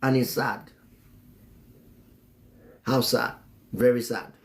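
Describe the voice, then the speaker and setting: A man's voice: medium pitch, slow, gravelly. A man teaching about marriage on a live stream in a preachy way. He repeats phrases and chuckles often between remarks. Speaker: relationship teacher and author.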